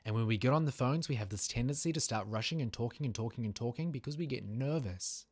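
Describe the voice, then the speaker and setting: A man with a New Zealand accent giving a sales training talk in a measured, deliberate and emphatic coaching manner. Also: medium pitch. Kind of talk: instructional talk to camera.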